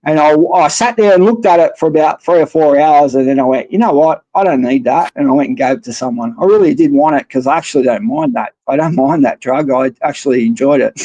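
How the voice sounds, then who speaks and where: An Australian man speaking a little higher than most men, rambling freely and bluntly as he tells his own story. His talk is casual and full of swearing, like a caller on a live stream chat. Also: animated, fairly quick, dark tone. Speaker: guest caller.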